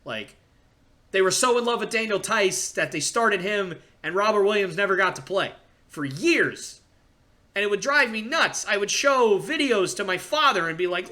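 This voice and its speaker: A podcast host talks basketball with a fan's excitement, his voice sitting a bit high for a man. The tone is bright and forceful, and he often stammers and restarts mid-sentence before pushing on. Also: normal speed. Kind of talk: casual sports podcast monologue.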